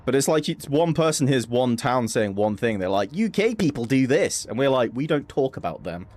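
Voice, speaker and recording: A young man chatting casually and swearing freely while streaming a game. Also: normal speed. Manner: chatty, swears casually, animated jumps in pitch. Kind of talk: casual gaming stream chat.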